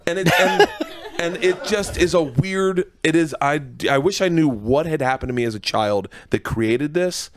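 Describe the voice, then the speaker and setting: Man, comedian, animated storyteller, laughs a lot, radio studio interview. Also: fairly high pitch, normal speed, no echo. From Florida, USA. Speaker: stand-up comedian guest.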